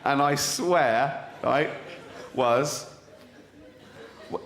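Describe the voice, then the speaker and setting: A man's voice: mid-range voice, very slow. A man performing a stand-up routine to a live audience, incredulous and mocking, with plenty of swearing. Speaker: stand-up comedian. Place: theatre stage, live audience. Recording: echoey venue with crowd noise.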